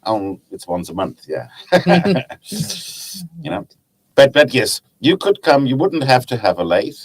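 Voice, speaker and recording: A man's voice: mid-range voice, big pitch swings, a little slow, breathy edge. A middle-aged man with a German accent, a guest chatting casually on a podcast about his woodturning club. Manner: chatty, hesitant restarts, laughs at own stories. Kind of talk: casual podcast chat, storytelling.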